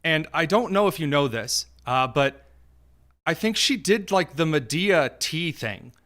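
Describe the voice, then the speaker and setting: A male host delivering opinionated political commentary in a sarcastic, mocking, rapid-fire way. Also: on the high side, animated, a bit bright.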